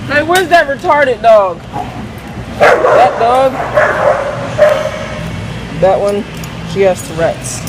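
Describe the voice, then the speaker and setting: A man vlogging in casual chat, excitable, swearing freely and laughing. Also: very high voice, extremely slow, pauses often, very noisy. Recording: loud music behind the voice.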